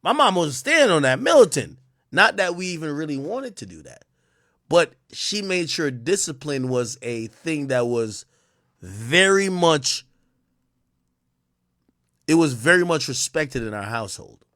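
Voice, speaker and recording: A young man ranting on a livestream, animated and profane, with frequent restarts. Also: a little high, unhurried, dry recording, studio quality. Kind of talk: casual livestream rant.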